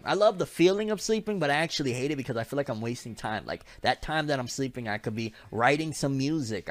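Young male vlogger, casual manga news rundown, slangy and lively, mid-pitched, dry close sound. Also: dry recording. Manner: animated, slangy, joking asides. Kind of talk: casual commentary vlog.

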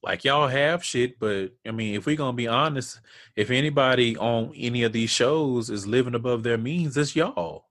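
A man's voice: medium pitch, normal speed, a bit bright, no room sound, studio quality. A man co-hosting a casual reality-TV recap podcast, blunt, profane and exasperated. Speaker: podcast co-host.

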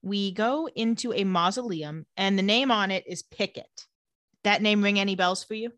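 A woman's voice: medium pitch, moderate pace, a bit bright, dry recording. A woman casually recapping and discussing a TV episode, retelling scenes and quoting characters. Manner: narrates scenes and quotes characters in a conversational tone. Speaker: podcast co-host recapping a TV show. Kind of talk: casual chat.

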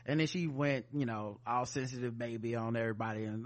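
A man hosting a podcast, talking casually in an animated, rambling way, full of asides and fillers. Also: medium pitch, a little fast, hardly any pauses, highs cut off. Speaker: podcast host. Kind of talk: casual chat.

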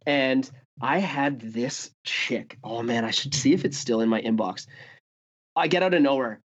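A man's voice: mid-range voice, unhurried. A man from Canada, a guest musician telling stories in a loose, profane way, full of "like" and "dude". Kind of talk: casual storytelling. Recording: dull lo-fi sound.

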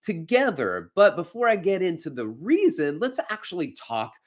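A man's voice: high-pitched, huge pitch swings, normal speed. A man hosting a podcast and teaching anatomy in a folksy, chatty way. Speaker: podcast host and fitness instructor. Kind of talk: casual anatomy lesson.

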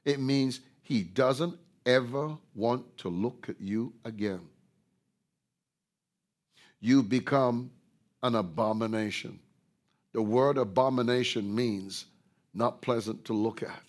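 A male preacher gives a sermon at an unhurried, measured pace, with a middle-pitched voice. He leans hard and loud into the scripture he quotes and repeats his points. Then he falls quiet and low when he reflects. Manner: emphatic, rises loudly on scripture quotes, drops low on reflection; slow, deliberate preaching with repetition.

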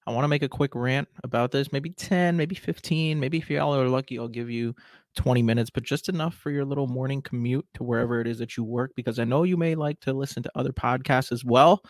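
A man's voice: medium pitch, fairly quick, no room sound, clean studio sound. A man in his twenties hosting a solo podcast, talking casually and with strong opinions. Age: 20s. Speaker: podcast host.

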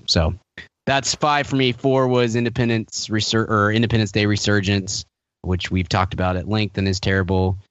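A man's voice: deep voice, no echo, dull audio. A man co-hosting a podcast in casual chat, wry, laughing often, rambling with restarts. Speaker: podcast co-host.

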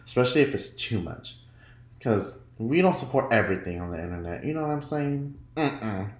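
A chatty man hosting a casual solo podcast, giggling often and swinging his pitch all over as he talks. He keeps slipping into high mock voices when he quotes himself. The sound comes from a roomy space with echo. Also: animated, brisk. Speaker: podcast host.

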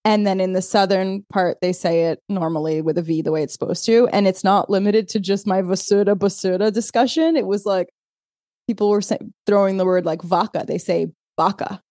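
Animated woman with a mellow voice. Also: mid-range voice, a little fast, no room sound, studio quality. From Azores. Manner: animated storyteller, laughs often, acts out quoted texts. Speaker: podcast co-host. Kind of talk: casual chat.

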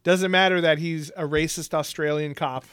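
Laid-back man with a smooth voice. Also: a little high, fairly even intonation, moderate pace, fairly bright tone. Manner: laughs often, swears casually, rambling with fillers. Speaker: podcast co-host. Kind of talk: casual chat about movies.

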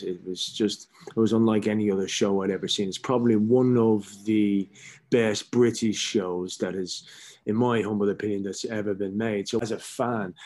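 A middle-aged man with a fairly low voice tells stories as an interview guest. He speaks candidly, swears freely and gets animated in his anecdotes. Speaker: actor guest. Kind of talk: casual interview storytelling.

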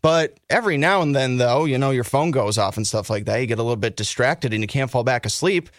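A man co-hosting a sports talk podcast, excitable, rambling through opinions and breaking into flustered apologies. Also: mid-range voice, fast, dry recording, clean studio sound. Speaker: podcast co-host.

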